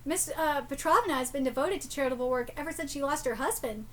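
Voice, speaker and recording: A woman reading aloud as a polite older gentleman, a former navy captain who was knighted, in a formal manner. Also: sits high, fast talker, natural voice.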